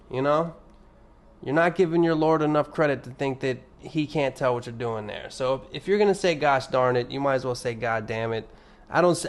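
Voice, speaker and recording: Young male solo podcaster, mid-pitched voice, rambling and profane, sardonic, jumps between loud emphatic bursts and low mumbled asides. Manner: rambling, profane, restarts often. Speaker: podcast host. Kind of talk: casual solo podcast monologue.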